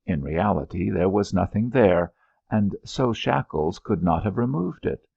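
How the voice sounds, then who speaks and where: A man narrating an audiobook in a measured, expressive storytelling manner. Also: low voice, creaky, breathy edge, no room sound, dull audio.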